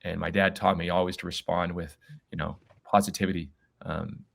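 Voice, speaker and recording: A man, a podcast guest, telling stories in an energetic, enthusiastic way. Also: deep voice, brisk, creaky. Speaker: guest, baseball team owner. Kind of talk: conversational podcast interview.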